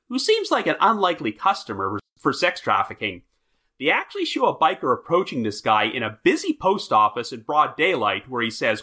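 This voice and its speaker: Man, podcast host, wry prepared commentary, animated pitch, bright tone. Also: brisk. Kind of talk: true crime podcast discussion, reading prepared notes.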